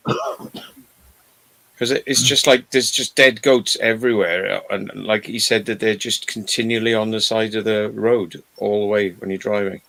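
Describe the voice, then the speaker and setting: A man's voice: on the low side, fairly even intonation, moderate pace, creaky, fairly bright tone. A man in casual chat, telling rambling stories and swearing freely.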